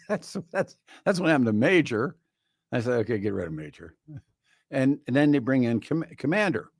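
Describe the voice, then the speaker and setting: A man's voice: medium pitch, dry recording. A man hosting a talk radio show in a studio, delivering a rambling, wry monologue full of restarts. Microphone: studio microphone.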